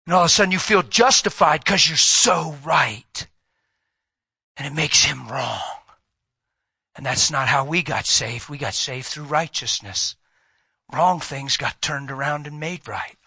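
A middle-aged male pastor preaching with dramatic shifts, loud and rapid one moment, whispering the next. His voice sits a little high and sounds bright, with a husky edge. The sound is close and dry. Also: dry recording. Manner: dramatic swings from loud and fast to hushed whispers. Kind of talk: sermon with storytelling. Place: church hall with audience.

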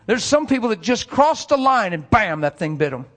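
A man preaching a sermon, telling a story that swings from hushed, soft passages to loud, straining, emotional preaching. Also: high-pitched, big pitch swings, moderate pace.

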